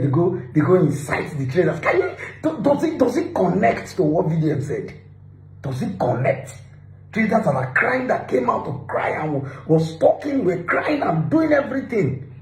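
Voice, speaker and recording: A Nigerian man with a fairly high, mellow voice delivers reaction commentary on the news. He sounds indignant, flips between Pidgin and English and hammers points through repetition. The recording is echoey with a faint hum behind him. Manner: indignant, mixes Pidgin with English, repeats himself for emphasis.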